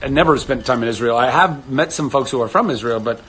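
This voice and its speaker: A playful man in his thirties chats into his phone on a livestream, wandering from one thought to the next as he answers viewer comments. His voice sits at an ordinary middle pitch. A faint hum of the room lingers behind him. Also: fast talker, fairly bright tone. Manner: playful and rambling, trying out accents. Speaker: actor hosting a livestream.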